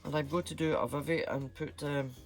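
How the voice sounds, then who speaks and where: A man's voice: fairly high pitch, fairly even intonation, brisk, faint music behind. A Scottish man chatting casually to camera as a vlogger, dropping Scots slang words as he talks.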